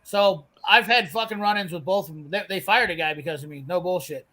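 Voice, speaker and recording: Brash high-voiced swearing storyteller. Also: male voice, brisk, pushed and bright. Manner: brash, swearing, acts out quoted lines. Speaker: storyteller on a live garage show. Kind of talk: casual profane storytelling.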